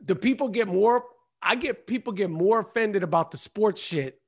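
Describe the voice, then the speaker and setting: Male guest, high voice, salty animated storyteller. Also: moderate pace, breathy edge. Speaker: podcast guest. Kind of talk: casual chat.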